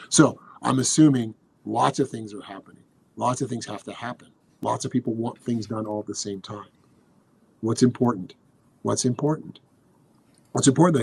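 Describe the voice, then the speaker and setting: A man's voice: medium pitch, vocal fry, darkish tone, slightly rough. A man speaking as a podcast guest, telling motivational stories in an earnest, emphatic way and repeating key phrases. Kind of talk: motivational storytelling.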